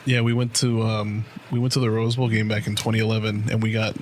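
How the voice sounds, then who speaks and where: A man's voice: lowish voice, level tone, quick pace, slight background noise. A man in his late twenties co-hosting a podcast, telling a long casual story with lots of profanity and fillers. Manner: loose, profane storytelling full of "like" and "right?". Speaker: podcast co-host.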